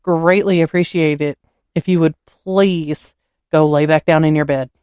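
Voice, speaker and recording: Mom telling a story. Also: female voice, low-pitched, a little slow, smooth, dry recording. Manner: animated storyteller, acts out dialogue; swears casually. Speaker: podcast co-host. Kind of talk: casual chat.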